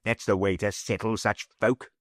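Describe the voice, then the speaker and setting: A man's voice: on the low side, little pitch movement, moderate pace, dry recording, clean studio sound, lightly acted. A man voicing a scheming, uneasy middle-aged ruler who plots a conspiracy. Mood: gruff. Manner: sly and uneasy.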